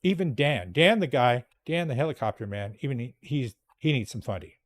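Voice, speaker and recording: A man's voice: medium pitch, lively intonation, fairly quick. A male podcast host telling a story in a casual, rambling monologue, blunt and swearing freely.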